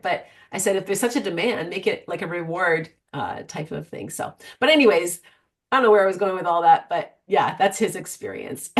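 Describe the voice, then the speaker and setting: Middle-aged woman coach, animated storyteller. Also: mid-range voice. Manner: animated, storytelling, frequent restarts. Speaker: guest, vision board coach. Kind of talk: conversational interview.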